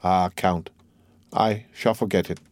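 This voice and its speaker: A man voicing a grief-stricken young man, speaking low and mournfully. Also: steady tone, measured pace, a little mellow, dry recording. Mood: despairing.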